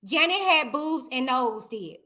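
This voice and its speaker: Chatty high-voiced woman hosting a live stream. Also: a little slow. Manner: chatty, animated, addresses viewers directly as y'all. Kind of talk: casual live stream chat reacting to viewers.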